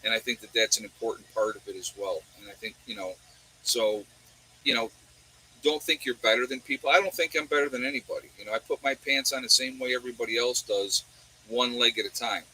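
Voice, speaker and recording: Forceful husky man with a New York accent. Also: mid-range voice, steady tone, brisk, rough recording. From New York State. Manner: rambling and talkative, with rhetorical questions to viewers. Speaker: livestream host answering viewer chat. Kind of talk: casual livestream chat.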